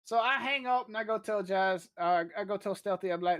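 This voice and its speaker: A podcast host telling a story in a casual, profane, animated way, explaining things step by step to a co-host. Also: medium pitch, brisk, few pauses.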